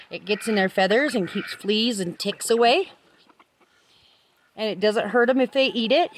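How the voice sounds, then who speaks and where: There's a little hiss or hum behind this woman's fairly high voice. She's a backyard poultry keeper filming her flock in a rainy outdoor farmyard with pens, chatting sing-song and cooing at her birds in a casual vlog.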